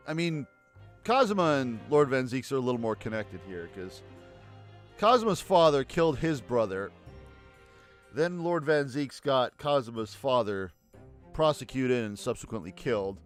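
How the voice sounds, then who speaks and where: Expressive male game streamer. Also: medium pitch, normal speed, soft background music. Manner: wry, joking asides. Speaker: let's play streamer. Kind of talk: casual gameplay commentary.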